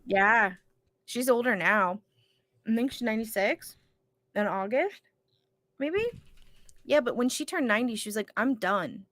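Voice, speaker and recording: A woman's voice: a little high, a little slow, pauses often, no echo. A woman co-hosting a gaming stream, chatting casually and telling stories bluntly, with plenty of swearing. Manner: blunt, swears freely, animated storytelling. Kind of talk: casual chat.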